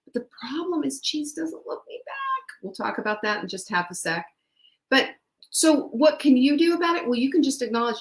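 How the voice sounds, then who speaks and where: A woman's voice: high voice, sing-song, a little fast. Chatty woman coach in an echoey room. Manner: chatty, emphatic, laughs between points. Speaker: nutrition coach and show host. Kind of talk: casual motivational talk. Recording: roomy echo.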